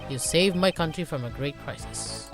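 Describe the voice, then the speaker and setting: Woman doing a slow, formal male president. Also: sits low, over music, close to an everyday voice. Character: stately male head of state.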